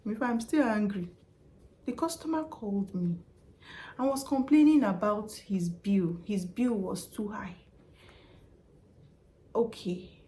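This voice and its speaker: Woman vlogging, talks emphatic, says stuff twice, regular pitch. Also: takes it slowly, long pauses, warm tone. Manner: chatty and emphatic, repeats points. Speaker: vlogger and customer service worker. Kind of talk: casual advice vlog.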